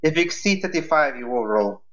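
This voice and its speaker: A man's voice: a little high, lively intonation, fast talker, over a noisy crowd, low-quality recording. A man on voice chat, eagerly retelling game moments in a rambling way. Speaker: gaming squad member on voice chat. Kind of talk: casual voice-chat banter.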